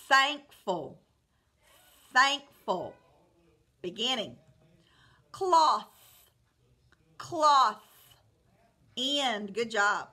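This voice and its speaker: A woman teacher with a bright, higher voice leads young children through slow, deliberate phonics drills. She speaks clearly and encouragingly, stretching out each word as a model and offering praise.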